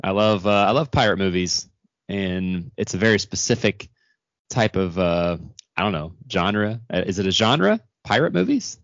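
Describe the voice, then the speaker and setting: A man co-hosting a podcast in easy, casual chat, circling his points with fillers and restarts. His voice is very low and sits dry and close in a dull, lo-fi recording. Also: expressive, normal speed, creaky, dry recording. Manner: rambling, many fillers and restarts. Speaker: podcast co-host.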